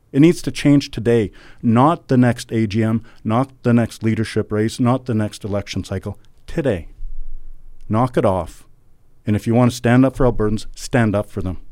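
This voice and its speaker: A man's voice: medium pitch, warm tone, dry recording, clean studio sound. A middle-aged man from Canada, talking emphatically in a podcast interview, repeating words and building to fervent outbursts. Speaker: guest, former election candidate. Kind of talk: podcast interview, impassioned political talk.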